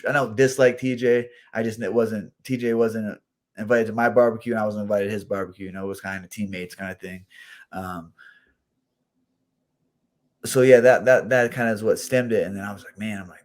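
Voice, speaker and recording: A man in his thirties speaks in a fairly low voice. He tells stories loosely and casually as an interview guest, often restarting and repeating words. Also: steady tone, fairly quick. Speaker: professional fighter guest.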